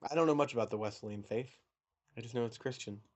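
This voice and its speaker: A young man co-hosting a casual podcast, chatty and animated, with mocking asides. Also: mid-range voice, fast, dull audio. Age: young adult. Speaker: podcast co-host. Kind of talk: casual chat.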